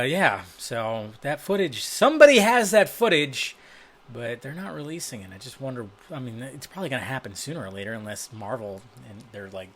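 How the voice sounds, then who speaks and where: A man's voice: medium pitch, fairly bright tone, slight background noise. Rambling, swearing male film vlogger. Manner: loose, chatty, swears freely. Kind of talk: casual rambling commentary. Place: dim indoor room. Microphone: desk microphone, webcam.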